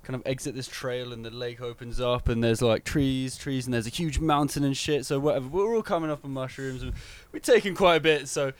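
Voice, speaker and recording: A man's voice: medium pitch, fairly even intonation, a little fast, hardly any pauses. Man telling a loose anecdote. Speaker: guest musician. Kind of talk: casual chat.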